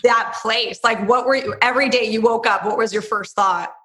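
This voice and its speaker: Woman interviewer, high voice. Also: steady tone, moderate pace, fairly bright tone. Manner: brief encouraging prompts. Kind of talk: casual interview.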